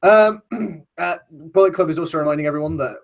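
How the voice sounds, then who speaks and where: A man's voice: fairly high pitch, a little fast, gravelly. A man hosting a casual wrestling discussion, ranting with plenty of swearing. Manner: profane, ranting. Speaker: podcast host.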